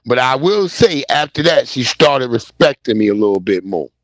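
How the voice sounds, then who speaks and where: A man's voice: medium pitch, very animated, normal speed, no room sound. A man, telling a loose, profane story in casual chat on a podcast. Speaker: podcast co-host.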